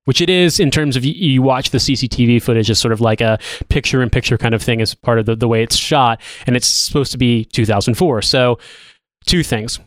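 A man co-hosting a podcast, rambling through a recap with lots of restarts and casual swearing. His voice is smooth and resonant. It is recorded dry and close to the mic. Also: medium pitch, a little fast, no room sound. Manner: rambling, profane, with filler-heavy restarts. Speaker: podcast co-host. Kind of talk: casual chat.

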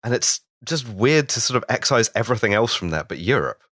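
A man's voice: medium pitch, very animated, a little fast, fairly bright tone, breathy edge, no echo, clean studio sound. A man co-hosting a casual podcast chat, who thinks aloud in a critical way. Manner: critical, thoughtful, sweary. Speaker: podcast co-host.

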